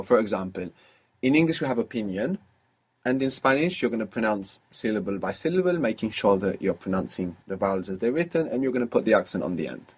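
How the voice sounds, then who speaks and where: Man, language teacher, husky voice, patient explaining, uh fillers. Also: mid-range voice. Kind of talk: recorded language lesson.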